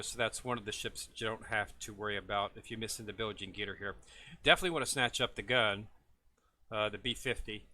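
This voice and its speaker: In a laid-back, unscripted walkthrough, a man who hosts gaming videos explains a new in-game event. His mid-pitched male voice is bright and forward, and he wanders off track, fills gaps with lots of "uh" and "um," and trips over tricky foreign names.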